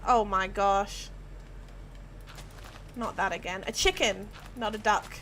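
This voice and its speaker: A woman's voice: mid-range voice, fairly even intonation, slow pace, long pauses, fairly bright tone, slight background noise. An Australian woman chatting casually while she live-streams herself building in a game, giggling and playful, laughing often. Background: faint background music.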